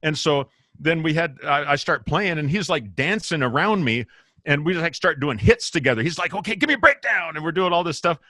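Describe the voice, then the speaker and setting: A man being interviewed as a guest musician, telling stories in a lively, casual way, laughing often and acting out what people said. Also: a little high, normal speed, dry recording, studio quality. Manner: animated, laughs often, acts out quotes. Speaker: guest bassist.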